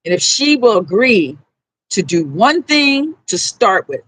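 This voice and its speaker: A woman's voice: medium pitch, big pitch swings, a little slow, fairly bright tone, breathy edge, rough recording. A woman with a New Orleans accent, talking bluntly and profanely in a rambling livestream monologue. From New Orleans, USA.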